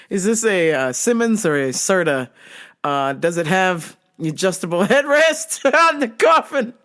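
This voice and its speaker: A woman's voice: medium pitch, slow. A woman in her thirties hosting, telling a comedic story with profanity and frequent laughter. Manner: animated, profane, laughing often. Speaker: host.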